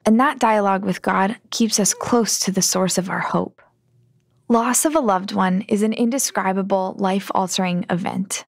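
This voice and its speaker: A woman host reading scripted narration for a podcast in a gentle, earnest way. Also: medium pitch, normal speed, vocal fry, no room sound, studio quality.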